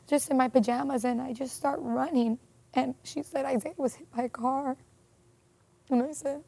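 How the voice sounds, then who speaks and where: A woman telling a painful personal story in an interview, earnest and emotional, with many pauses and fillers. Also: high-pitched, gravelly, a little mellow. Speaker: interview guest.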